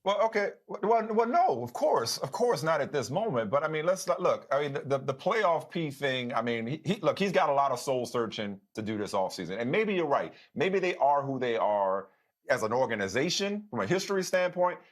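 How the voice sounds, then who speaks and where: A middle-aged man co-hosting a sports talk show, speaking conversationally, often restarting sentences and dropping in quick agreements. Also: medium pitch, very animated. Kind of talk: casual sports debate.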